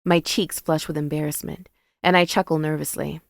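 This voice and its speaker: Woman reading a romance audiobook, low voice w some fry, measured and wry. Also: level tone, dry recording, studio quality. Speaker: audiobook narrator. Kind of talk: first-person romance novel narration.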